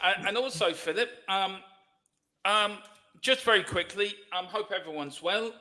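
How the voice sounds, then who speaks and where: A man co-hosting a casual sports livestream, jokey and energetic, with a sore throat. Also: sits high, measured pace. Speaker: livestream co-host.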